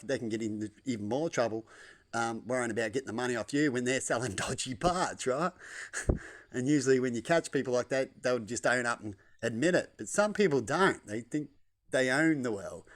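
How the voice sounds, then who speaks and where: A man talking loosely at home, repeating himself and tagging lines with "right?". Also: medium pitch. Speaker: vlogger. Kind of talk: rambling casual monologue. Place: at home indoors.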